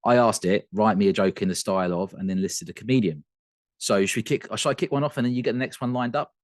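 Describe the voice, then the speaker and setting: Chatty man, low dry voice. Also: quick pace, dry recording. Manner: chatty, laughs often, frequent restarts. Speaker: podcast co-host. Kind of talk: casual whisky chat.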